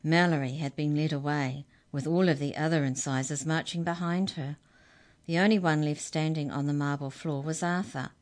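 A woman reading a children's story aloud in a lively, expressive way. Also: sits low, moderate pace.

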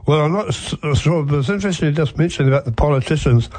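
An older man giving casual commentary on a radio talk show, speaking in a measured, hesitant way. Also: a little high, darkish tone. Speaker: regular commentator.

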